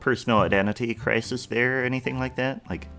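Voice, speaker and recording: A man's voice: mid-range voice, fairly even intonation, quick pace, creaky, pushed and bright. A man appearing as a podcast guest, chatting casually in an easygoing, self-deprecating way. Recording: faint music behind.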